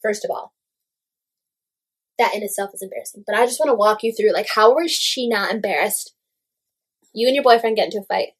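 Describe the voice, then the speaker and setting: A young woman in casual gossip chat, animated and full of "like" fillers, swearing freely. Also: medium pitch, brisk, long pauses, slightly rough.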